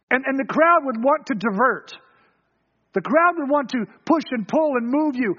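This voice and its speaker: A man preaching a sermon, telling the story and acting out quoted voices, swinging from quick, loud runs to low, hushed lines. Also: lively intonation, dull audio.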